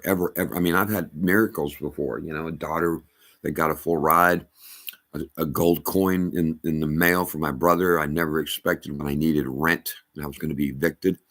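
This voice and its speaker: A middle-aged man telling a personal story as testimony, halting and emphatic with many restarts. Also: extremely low pitch, fairly bright tone. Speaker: storyteller addressing a rabbi.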